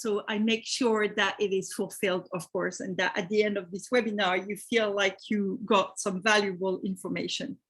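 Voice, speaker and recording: A woman's voice: on the high side, fairly bright tone, breathy edge. A woman with a French accent hosting a live webinar, chatting with attendees and reading their names from the chat. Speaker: webinar host.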